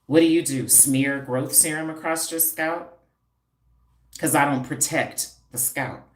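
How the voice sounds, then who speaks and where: A low-pitched woman hosts a casual live stream. She fires off sassy, streetwise comebacks and rhetorical questions at viewers, and her voice carries an echoey room sound. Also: steady tone, unhurried. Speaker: holistic hair and scalp practitioner hosting a live stream. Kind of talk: livestream chat answering viewer comments.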